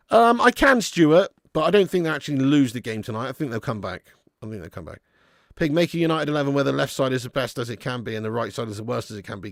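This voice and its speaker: A man hosts a live football watch-along, chatting casually, reading viewer messages aloud and laughing often. His medium-pitched voice is creaky. The studio sound is clean with no room sound.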